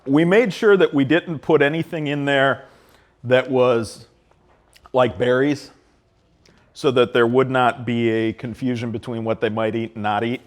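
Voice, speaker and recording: Animated, plain-spoken man giving a talk. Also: medium pitch, unhurried. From Ohio. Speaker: park system director giving a leadership talk. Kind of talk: speaking to a live audience.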